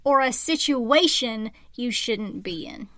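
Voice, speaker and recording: A woman co-hosting a podcast in casual chat, animated and acting out quotes. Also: on the high side, slow pace, no room sound. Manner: animated, acts out quotes in her stories. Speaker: podcast co-host.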